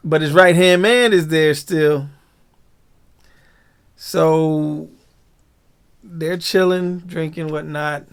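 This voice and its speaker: A man hosting a casual, animated episode breakdown, full of slang and laughter. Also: on the high side, very slow, pauses often, smooth. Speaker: show recap host.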